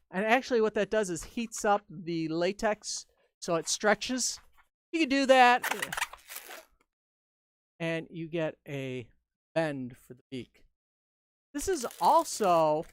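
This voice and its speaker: A woman giving a live-stream balloon-twisting tutorial, talking through each step in a chatty, upbeat way and joking with viewers. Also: medium pitch. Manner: playful asides and jokes to viewers. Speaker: balloon artist and instructor.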